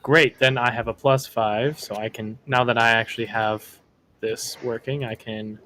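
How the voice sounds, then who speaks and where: A man's voice: medium pitch, fairly even intonation, normal speed, bright, forceful tone, slight background noise. A man chatting casually as a tabletop player, thinking aloud with restarts. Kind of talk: casual game chat.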